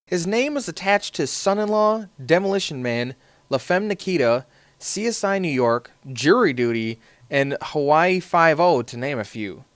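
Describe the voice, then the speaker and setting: A man reads his film review from a script, his voice a little higher than most. He stays wry and sarcastic throughout, with an ironic lift on his jabs. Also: animated, moderate pace, dry recording.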